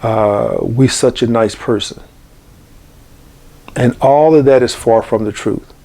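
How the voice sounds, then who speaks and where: A man's voice: medium pitch, slow, mellow. A middle-aged man hosting a channel, giving a preachy monologue that keeps coming back to the same phrases. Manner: preachy, repeats key phrases. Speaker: channel host. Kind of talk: monologue to camera.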